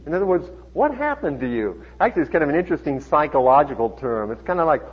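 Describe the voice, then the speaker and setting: A man preaching a conversational sermon, reading scripture and adding chuckling asides, animated when he acts out the dialogue. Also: medium pitch, quick pace, slightly rough. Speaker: pastor. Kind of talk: sermon, expository Bible teaching. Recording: dull lo-fi sermon recording.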